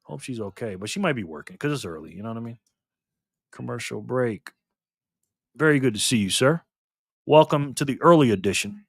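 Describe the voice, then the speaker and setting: A man's voice: mid-range voice, lively intonation, fast, breathy edge, dry recording, studio quality. A man hosting a casual live stream, chatting loosely with viewers and laughing easily. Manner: laid-back, chatty, laughs often, greets viewers.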